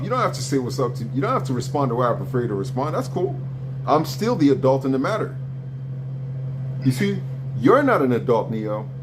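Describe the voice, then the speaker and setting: A man lecturing hard on a live stream, blunt and profane, his pitch jumping up when he presses a point. A faint hiss of noise sits under his voice. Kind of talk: heated argument on a live stream.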